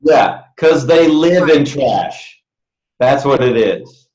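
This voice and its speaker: A man co-hosting a podcast, dropping dry, deadpan quips in casual comedic chat. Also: medium pitch, takes it slowly, slight background noise. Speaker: podcast co-host. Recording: roomy echo.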